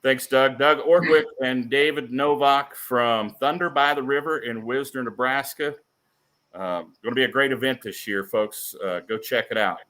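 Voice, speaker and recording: A man's voice: mid-range voice, normal speed, pushed and bright. A man co-hosting a casual chat, friendly and promotional. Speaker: show host.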